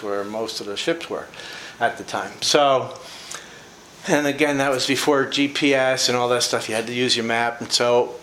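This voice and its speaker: A man's voice: mid-range voice, a bit bright. An older man giving an informal devotional talk, telling personal stories in a chatty way with laughs and fillers. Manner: folksy, chatty storytelling with frequent laughs and fillers. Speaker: preacher. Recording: echoey room with faint ambient noise.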